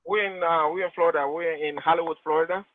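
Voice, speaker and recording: A man in his late thirties with a Togolese accent, talking earnestly and animatedly with many restarts. His voice sits fairly high for a man. The sound is tinny and dry, like a phone line. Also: steady tone, fast talker, no echo. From Togo, West Africa. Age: 30s. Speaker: real estate agent guest. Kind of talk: conversational interview answers.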